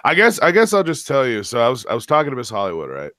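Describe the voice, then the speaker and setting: Man, podcast host, casual slangy storyteller, profane, mid pitch, dry close sound. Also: huge pitch swings, fast talker, fairly bright tone, no echo. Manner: loose and profane, storytelling, slangy with "fam" and "bro". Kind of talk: casual chat. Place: home.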